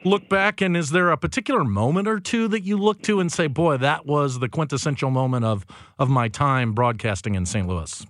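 A man's voice: a little high, animated, brisk, a bit bright, dry recording, studio quality. A man co-hosting a radio interview, asking earnest questions and paying compliments. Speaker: radio show co-host.

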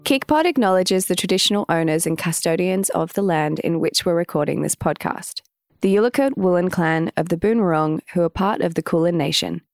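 A woman's voice: fairly low pitch, animated, dry recording, studio quality, soft background music. A woman, co-hosting a podcast in an upbeat, encouraging way. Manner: upbeat, encouraging, quick to agree. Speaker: podcast co-host. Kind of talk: casual chat.

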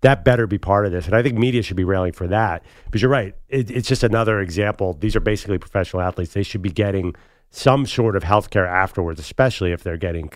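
A man co-hosting a studio sports talk show, arguing his point in a fast, emphatic way. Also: low voice, no echo. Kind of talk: casual studio debate. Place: studio set.

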